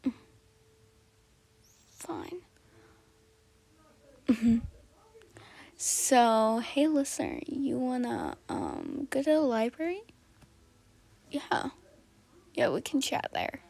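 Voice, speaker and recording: Woman doing a flirty chill dude, slow, bit husky, fan roleplay. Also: on the high side, big pitch swings, mellow, heavily acted. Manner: casual, coaxing invitations. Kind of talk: fan audio role-play.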